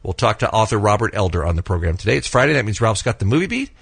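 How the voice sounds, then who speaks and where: Gravelly, husky radio morning host. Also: male voice, on the low side, very animated, no room sound. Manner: brisk, teasing, runs the show. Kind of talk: morning radio banter and show rundown. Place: radio studio. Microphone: studio microphone.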